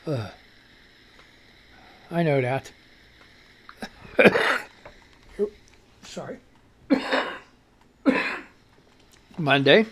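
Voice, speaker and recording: A middle-aged man hosting a loose, casual radio show. He talks slowly and rambles, his pitch rising and dipping a lot as he goes. He chuckles often and drops crude asides along the way. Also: lively intonation, a bit bright.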